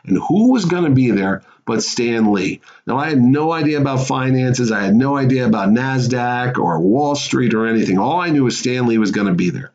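Animated middle-aged man telling a story. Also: moderate pace, few pauses. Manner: animated, excitable, swings pitch up for emphasis. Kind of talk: personal storytelling monologue. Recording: slightly dull recording.

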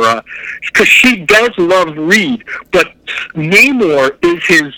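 A man co-hosting a casual podcast, telling comic book stories in an excitable, animated way. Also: high voice, normal speed, dry recording, rough recording. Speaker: podcast co-host.

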